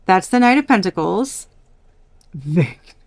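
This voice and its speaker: A woman's voice: lowish voice, very animated, takes it slowly, no room sound. Blunt, profane woman reading tarot. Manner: blunt, swears freely, exasperated asides. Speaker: tarot reader. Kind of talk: casual collective tarot reading.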